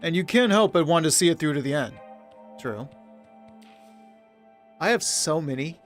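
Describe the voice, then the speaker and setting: A male streamer with a fairly high voice, reading game narration aloud and muttering to himself between lines. He speaks casually into a desk mic on an arm, with faint music underneath. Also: animated, normal speed. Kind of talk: let's play commentary and reading game text.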